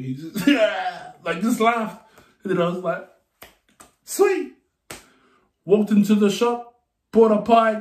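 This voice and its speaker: A man's voice: sits high, slight background noise. A man chatting casually and telling a rambling, profane story while reacting to a music video. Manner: profane, laid-back, rambling. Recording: echoey room.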